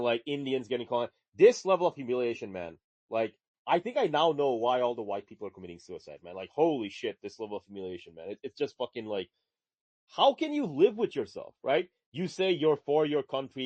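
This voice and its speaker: A man co-hosting a casual live audio chat, ranting in a profane, animated way. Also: mid-range voice, no room sound. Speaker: podcast co-host.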